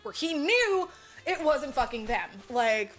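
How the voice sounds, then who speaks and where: Brief: a woman, fairly high voice, casual podcast co-host, loose and rambling, swears freely, faint music behind. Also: sing-song, slow, fairly bright tone. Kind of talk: casual movie recap.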